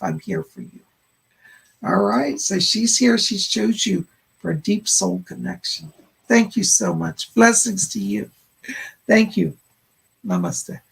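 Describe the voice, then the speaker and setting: Male psychic medium host, gravelly, husky, relays messages with constant "she said" asides. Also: high-pitched, fairly bright tone. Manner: relays spirit messages, frequent "he said" and "hold on". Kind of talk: live-stream psychic readings of chat questions.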